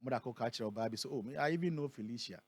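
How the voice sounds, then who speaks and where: In a radio studio, a Ghanaian prophet gives an interview and reads scripture aloud, slowing down to build on key words. His medium-pitched voice is animated.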